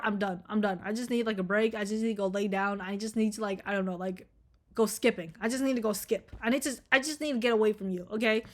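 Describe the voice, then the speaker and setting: A woman's voice: mid-range voice, fairly bright tone. A young adult woman talking to camera in a casual, rambling vlog, blunt and profane, with many fillers. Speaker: vlogger.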